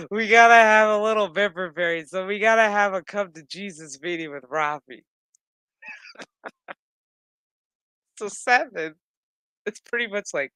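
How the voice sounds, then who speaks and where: Bright-voiced, foul-mouthed recap vlogger, dry close sound, sarcastic rambling delivery. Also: medium pitch, slow pace, long pauses, clean tone, dry recording. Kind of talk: casual recap commentary.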